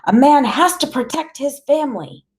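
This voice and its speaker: A woman voicing an elderly grandfather, a gruff protective ex-soldier who talks sternly and later soothingly. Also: high-pitched, expressive, normal speed, a little mellow, a little hiss or hum, voice pushed up. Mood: angry. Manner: stern, then soothing and weary.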